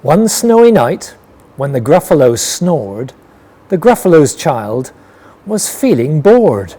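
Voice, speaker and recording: A man reading a rhyming picture book aloud with a rhythmic, expressive delivery. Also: on the high side, slow. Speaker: storyteller.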